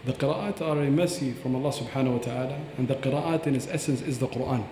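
A man's voice: medium pitch, quick pace, noisy background. A man explaining Quran recitation on a podcast, breaking into recited Arabic phrases as he teaches. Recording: echoey hall with long reverb.

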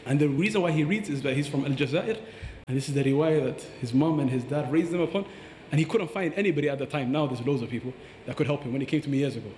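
A fast-talking man with a mellow voice explains recitation like a patient teacher, slipping into recited Arabic phrases. He sounds roomy, with a long reverb trailing his words in a large hall. Faint ambience sits behind him. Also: fairly high pitch, slight background noise. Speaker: Quran teacher. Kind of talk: podcast explanation.

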